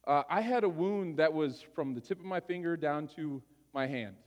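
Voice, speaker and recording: A man's voice: fairly high pitch, normal speed, a little mellow, long reverb tail. A male pastor telling a personal story during a sermon, conversational and often checking in with his listeners.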